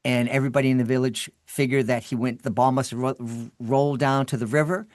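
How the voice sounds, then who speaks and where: Animated storytelling man, dry close sound. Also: medium pitch, quick pace, no echo. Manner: animated, restarts and repeats words. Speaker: podcast guest, children's podcast creator. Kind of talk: storytelling in an interview.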